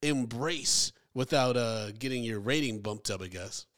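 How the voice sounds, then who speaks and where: A man's voice: medium pitch, a little slow, a bit bright. A man co-hosting a casual movie-review podcast, joking, reading out trivia and acting out scenes. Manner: jokey, reads out trivia, acts out scenes. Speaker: podcast co-host.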